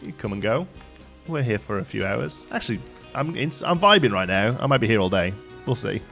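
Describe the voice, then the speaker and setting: A man's voice: on the low side, animated, brisk, creaky, fairly bright tone, soft background music. A man, chatting casually and rambling as he streams a game and answers chat. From England, Staffordshire. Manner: rambling, chatty, many fillers and restarts. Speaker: live streamer. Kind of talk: casual chat while gaming, reading chat aloud.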